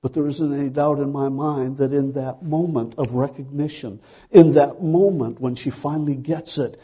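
A man's voice: a little high, warm tone, husky. A man preaching a sermon, retelling a scripture story dramatically and building to fervent emphasis.

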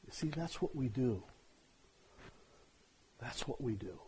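A pastor telling a story in a sermon, swinging from loud outbursts to hushed asides. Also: male voice, mid-range voice, lively intonation, slow pace, a little hiss or hum.

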